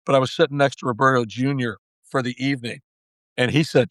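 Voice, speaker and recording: A former baseball manager in his sixties, appearing as a podcast guest, spins a long folksy yarn and acts out the quoted dialogue. His mid-range voice is fast, fairly even in intonation, and a bit bright, captured in a dry recording.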